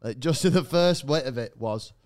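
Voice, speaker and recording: A man's voice: medium pitch, lively intonation, moderate pace, darkish tone. A young man, a podcast co-host, telling a rambling story in casual chat, laughing and swearing, with many false starts.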